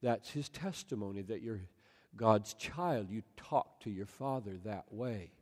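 A man preaching a sermon in a large hall, swinging from loud exclamations to soft near-whispers. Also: lowish voice, animated, measured pace. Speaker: pastor. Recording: long hall reverb.

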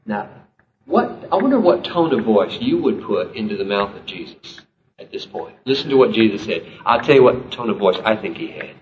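A man's voice: on the low side, sing-song, moderate pace, far from the mic, slight background noise. A man preaching a sermon as pastor, emphatic and climbing to impassioned peaks. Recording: roomy, dull live sermon recording.

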